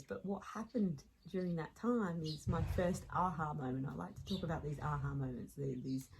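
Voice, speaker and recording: A woman in her late thirties with an Australian accent, telling a lively personal story as a podcast guest and laughing along as she talks. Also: low-pitched, a little hiss or hum, low-quality recording.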